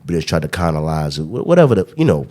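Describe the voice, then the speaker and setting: A man's voice: a bass voice, big pitch swings, fast, darkish tone. A man hosting a podcast in casual chat, rambling with frequent laughs and fillers. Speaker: podcast host.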